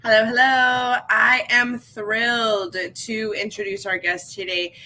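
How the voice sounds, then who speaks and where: A woman's voice: fairly high pitch, fairly even intonation, measured pace, pushed and bright, poor audio. A woman co-hosting a podcast, introducing a guest with enthusiasm and repeated words. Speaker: co-host. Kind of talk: podcast interview.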